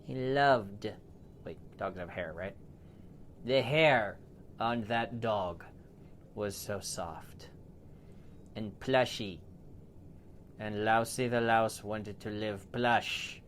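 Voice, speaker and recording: A man improvising a bedtime story for a child, playful and animated, with big swings in loudness. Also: on the low side, extremely slow, pauses often, a little hiss or hum.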